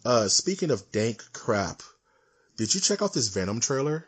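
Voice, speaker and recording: Animated, ranting man with a husky voice. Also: medium pitch. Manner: animated, ranting, quick to laugh. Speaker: podcast co-host. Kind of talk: casual chat.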